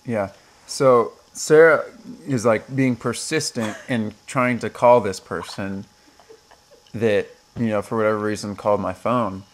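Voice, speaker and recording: A man talking in a relaxed, conversational way, prompting a story in casual chat. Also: lowish voice, a little slow. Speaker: host.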